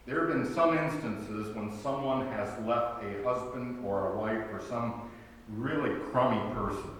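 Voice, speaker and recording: A man, a pastor, preaching a sermon in a conversational way, with wry humor and emphatic rhetorical questions. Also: mid-range voice. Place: church sanctuary. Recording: very echoey church hall, from far off.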